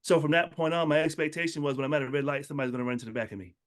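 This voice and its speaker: A man giving a casual motivational talk, telling personal stories and acting out the people in them with lively changes of voice. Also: a little high, rapid-fire. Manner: storytelling, acts out quotes in animated voices. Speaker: motivational speaker.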